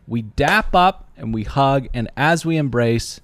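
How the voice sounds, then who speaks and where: Animated man telling a story. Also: unhurried, few pauses. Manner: animated storyteller acting out high-pitched quoted voices. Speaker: podcast co-host. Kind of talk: casual chat, storytelling.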